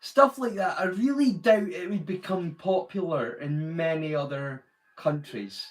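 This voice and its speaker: A man's voice: a little high, measured pace. A man from the UK hosting a live watch-along in a rambling, casual chat, swearing freely. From United Kingdom.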